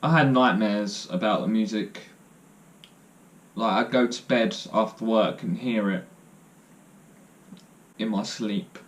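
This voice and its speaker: A man's voice: fairly low pitch, takes it slowly, pauses often. A young man chats straight to camera, telling stories and cracking jokes at his own expense. He rambles loosely and fills the gaps with ums and uhs. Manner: jokey, self-deprecating, rambling with fillers. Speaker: vlogger. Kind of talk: casual storytelling to camera.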